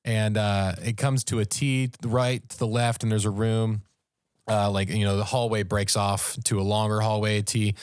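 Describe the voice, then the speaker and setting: A man, a podcast co-host, telling a story in casual, animated talk and raising his voice at the tense moments. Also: fairly low pitch, moderate pace, clear, resonant tone, dry recording, studio quality. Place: podcast studio.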